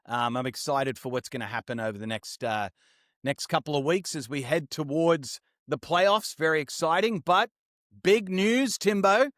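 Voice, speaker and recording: A man's voice: on the high side, moderate pace, fairly bright tone, dry recording. Upbeat man, dry close sound. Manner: chatty, upbeat, slang-heavy. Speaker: podcast co-host. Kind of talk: casual sports chat.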